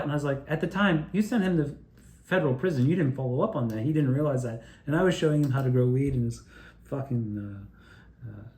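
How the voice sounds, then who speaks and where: A man telling a rambling personal story, excitable and profane, often restarting his sentences. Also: medium pitch, roomy sound, a little hiss or hum. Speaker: video creator telling his own story.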